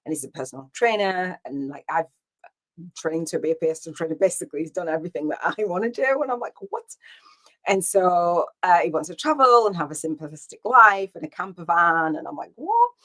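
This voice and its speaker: A woman with a low voice talks through a casual solo podcast episode. She rambles from thought to thought with plenty of ums and acted-out bits of dialogue, speaking at an easy conversational pace. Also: animated, fairly quick, fairly bright tone. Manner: rambling, storytelling with quoted dialogue and fillers. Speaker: podcast host.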